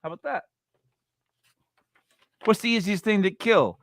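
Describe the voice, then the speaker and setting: A man in his forties with a bright, forceful voice, rambling and joking as he co-hosts a casual true-crime chat. He talks bluntly and drifts off topic, recorded close and dry with no room sound. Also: sits high, measured pace, dry recording. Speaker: podcast co-host.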